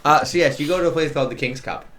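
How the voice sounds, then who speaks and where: A man's voice: on the high side, rapid-fire, crowd noise. A man narrating a tabletop game as dungeon master, loose and rambling. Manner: loose, rambling, many restarts.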